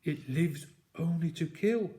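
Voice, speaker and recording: A man reading a storybook aloud, voicing a dying hunter father who speaks gravely in short, breathless phrases. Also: fairly high pitch, takes it slowly, mellow, pitched above the performer's own voice. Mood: grim.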